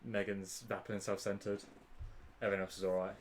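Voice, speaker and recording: A man, co-hosting a casual podcast and grumbling deadpan about work. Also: lowish voice, fairly quick, slight background noise. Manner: dry, sweary, deadpan complaining. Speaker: podcast co-host. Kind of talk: casual chat.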